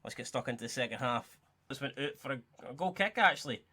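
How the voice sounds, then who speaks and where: A young man giving excitable, sweary, joking play-by-play commentary while playing a football video game. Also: medium pitch, fast talker. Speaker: gaming YouTuber.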